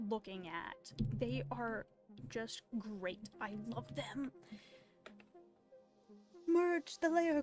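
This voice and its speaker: Woman artist, unhurried, higher voice, rambly chat over faint music. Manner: rambling, tangent-prone, chatty. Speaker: artist streamer. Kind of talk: casual chat while drawing. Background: faint background music.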